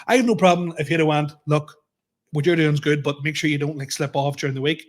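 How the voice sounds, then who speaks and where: A man's voice: on the high side, fairly even intonation, quick pace. Laughing man in his thirties ranting. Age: 30s. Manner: laughs often, repeats himself, swears freely. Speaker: comedian podcast co-host. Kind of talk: casual podcast rant.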